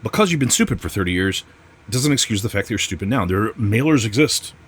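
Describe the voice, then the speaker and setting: Low-voiced guy swearing up a storm while unboxing comics, sarcastic, voice jumps all over. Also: lively intonation, quick pace, husky. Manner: profane, ranting, sarcastic. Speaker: comic channel host. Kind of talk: casual unboxing vlog.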